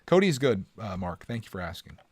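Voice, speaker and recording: A man's voice: lowish voice, big pitch swings, fairly quick, vocal fry, no room sound. A man hosting a casual live stream from home, joking around and chatting with his viewers.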